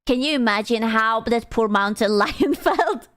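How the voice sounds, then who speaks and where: A woman's voice: on the high side, unhurried, fairly bright tone. A woman streamer chatting casually with her viewers, blunt and playfully teasing. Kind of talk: casual live-stream chat.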